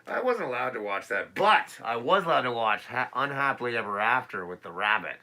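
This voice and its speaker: A man in his thirties co-hosting a casual talk show, loud and crude, laughing and singing old theme songs. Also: mid-range voice, very animated, fairly quick. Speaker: podcast co-host. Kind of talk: casual chat.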